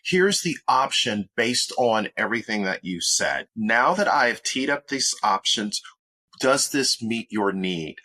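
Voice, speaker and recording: A man who is a motivational speaker and author, a guest giving coaching advice in an upbeat, instructive way and laying it out in clear steps. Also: lowish voice, animated, measured pace, sharp tone, dry recording.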